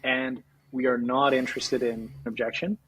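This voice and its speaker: A man's voice: mid-range voice, moderate pace, slight background noise, low-quality recording. A young Canadian man, a sales leader, talking energetically in a casual podcast interview and acting out lines from call scripts. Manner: energetic, laughs often, acts out call scripts. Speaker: sales executive guest.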